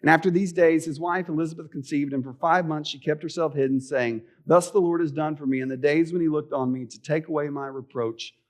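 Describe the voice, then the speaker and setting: A man's voice: a little high, steady tone, brisk, few pauses. A middle-aged male pastor preaching a sermon in a church, conversational, with frequent rhetorical questions. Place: church sanctuary.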